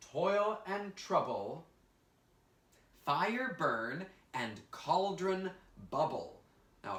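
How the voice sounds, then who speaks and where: A male teaching artist runs an online drama class for children, cheering them on and guiding each step. His voice rises and falls in lively sweeps. It sounds echoey and a bit distant from the mic. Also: a little high. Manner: upbeat and encouraging, guiding kids step by step. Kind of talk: virtual drama lesson for children. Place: indoor room, recorded for an online class.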